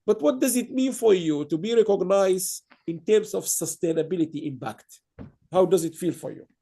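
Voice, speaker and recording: A man hosting an awards ceremony over a video call, his voice pitched high for a man and soft and mellow in tone. He speaks haltingly, restarting phrases and filling gaps with "uh" as he praises the winners. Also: expressive, vocal fry, husky. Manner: halting, repeats words, many fillers. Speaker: awards host. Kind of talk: online awards ceremony speech.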